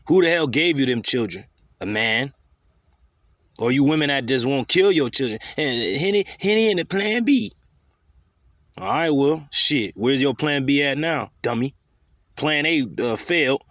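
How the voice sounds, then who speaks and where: Male preacher, mid-pitched, dry close sound; confrontational, profane, slangy scripture sermon. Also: normal speed, a bit bright, no room sound.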